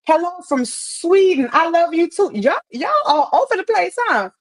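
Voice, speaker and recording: Her very high voice moves with lively intonation at a normal pace. She's a woman on a live stream using a wireless earpiece, answering comments with upbeat encouragement and repeated phrases for emphasis, motivational chat throughout.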